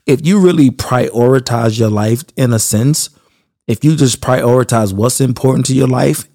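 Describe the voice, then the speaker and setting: Male podcast host, slangy and direct with listeners, gravelly fry, mid pitch, dry recording. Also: a little mellow, no room sound. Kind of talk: casual motivational podcast monologue.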